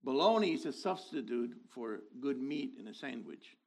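A man in his sixties preaching a sermon, animated, dropping to low asides and rising to loud exhortation. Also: normal speed, creaky.

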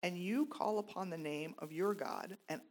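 A woman reading scripture aloud in a steady, measured way during a Bible study. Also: lowish voice. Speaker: scripture reader.

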